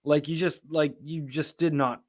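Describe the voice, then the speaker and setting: A man's voice: on the high side, steady tone, a little slow. A man co-hosting a podcast, chatting casually, joking and swearing while giving strong opinions. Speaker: podcast co-host. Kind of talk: casual chat.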